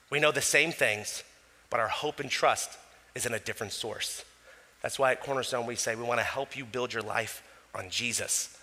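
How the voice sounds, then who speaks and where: Animated preacher in a reverberant hall. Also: male voice, mid-range voice. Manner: animated preaching, acting out voices, swings from loud to quiet. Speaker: pastor. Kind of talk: sermon. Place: church hall. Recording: long reverb of a church hall.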